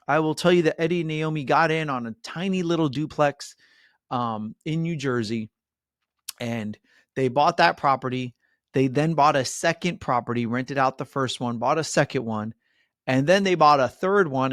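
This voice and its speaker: A man's voice: mid-range voice, no echo, clean studio sound. A middle-aged man hosting a mortgage webinar, chatty and upbeat, with many fillers and "right?" asides. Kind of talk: webinar presentation.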